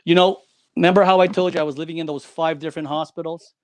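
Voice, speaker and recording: A man with a fairly high voice who tells a personal story with emphatic, dramatic delivery, repeating his key lines for effect. His voice comes across close and dry, with almost no room sound. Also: steady tone, fast, no room sound. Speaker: guest.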